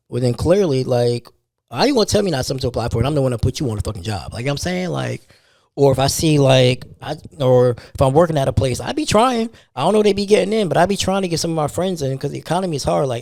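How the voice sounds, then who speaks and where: A man's voice: mid-range voice, fairly quick, gravelly, darkish tone, no room sound, clean studio sound. A tired young man hosting a podcast, talking loosely in street slang. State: tired, yawning. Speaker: podcast host. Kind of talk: casual monologue.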